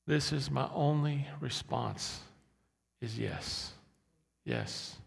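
A male pastor preaches with a heavily gravelly, husky voice. He moves from quiet talk to loud, insistent repetition, and his words ring out with a long reverb in a church hall. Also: fairly high pitch, big pitch swings, slow pace. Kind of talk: sermon.

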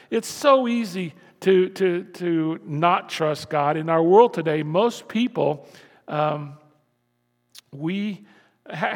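A man's voice: fairly high pitch, vocal fry, long reverb tail. An older man preaching a conversational, folksy sermon to his congregation, with asides and everyday stories. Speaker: pastor.

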